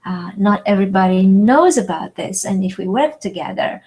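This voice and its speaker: A woman whose first language is French, teaching in a webinar lesson, speaking slowly and deliberately and stretching her vowels to enunciate everything. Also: medium pitch, expressive, warm tone, poor audio. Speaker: French tutor.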